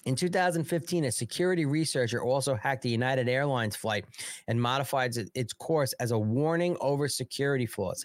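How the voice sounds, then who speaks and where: Rambling profane American live-stream host. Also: male voice, mid-range voice, fairly quick, no room sound, studio quality. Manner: rambling and profane, reads news aloud and breaks off to chat. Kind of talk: casual live-stream commentary.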